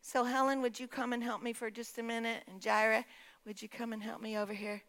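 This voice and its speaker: A woman's voice: on the high side, flat delivery, brisk, a bit bright. A woman pastor preaching a sermon in a church, emphatic, calling out to the congregation for responses. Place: church sanctuary.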